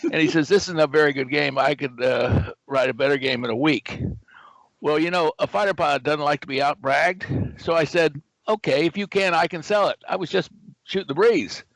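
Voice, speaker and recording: Older man, lively storyteller, dry close sound. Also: a little high, moderate pace, gravelly, dry recording, rough recording. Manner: animated storyteller who acts out quoted dialogue. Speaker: guest, game company founder. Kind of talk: anecdotal storytelling.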